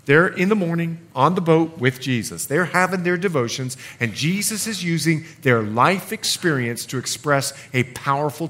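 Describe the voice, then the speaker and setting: A middle-aged man preaching a sermon in an animated way, swinging between loud passages and hushed ones and acting out the voices in the scripture. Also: on the high side.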